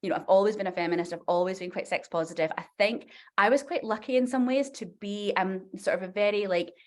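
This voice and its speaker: A woman's voice: mid-range voice, fast. Chatty woman novelist telling a story. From Scotland. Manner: chatty, animated, many fillers. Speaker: novelist guest. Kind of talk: casual podcast storytelling.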